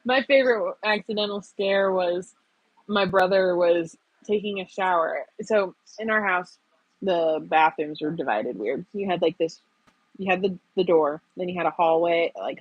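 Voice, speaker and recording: A woman's voice: on the low side, husky, no echo, lo-fi sound. A young woman hosting a casual stream, telling stories and laughing often. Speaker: streamer host. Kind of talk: casual chat. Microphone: earbuds.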